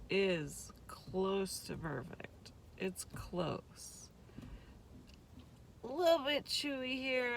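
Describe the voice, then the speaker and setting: A middle-aged woman with a gravelly, fry-laden voice talks through a food review at a slow, unhurried pace. She rambles casually, leaning on fillers. Faint restaurant noise hums behind her. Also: medium pitch, low-quality recording. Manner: chatty, rambling, lots of "like" fillers. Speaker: food vlogger.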